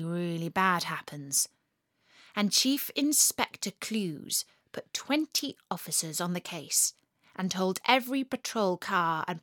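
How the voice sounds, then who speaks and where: A woman narrating a children's story in a lively, expressive way, slowing for emphasis. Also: lowish voice, no room sound, studio quality.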